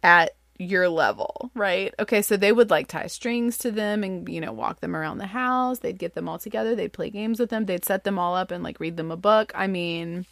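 A woman in her thirties, a mother telling a funny story in a casual, animated, self-deprecating way. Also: normal speed, vocal fry, hardly any pauses, no echo, studio quality. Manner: animated, self-deprecating, acts out quotes in high voices.

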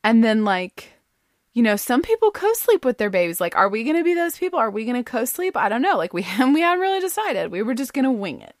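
Mom telling a story to the camera, talks fast and loose with lots of "like", dry close sound. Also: female voice, on the high side, no echo. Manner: chatty and animated, full of "like" and "you know", laughs often. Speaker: storyteller sharing a family anecdote; mother. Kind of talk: casual personal storytelling.

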